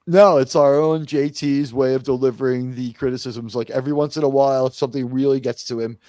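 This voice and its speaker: A man's voice: medium pitch, fairly even intonation, a little fast, dark tone, dry recording, studio quality. A man hosting a live-stream review chat in a casual, rambling way, full of fillers and restarts. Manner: rambling, many restarts and fillers, quotes others in mock voices. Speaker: host of a live review show.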